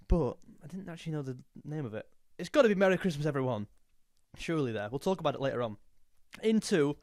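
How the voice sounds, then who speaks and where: This young music YouTuber's voice is a little high and darkish, captured in a dry, studio-quality recording. He chats casually and jokily, occasionally singing short snatches of lines.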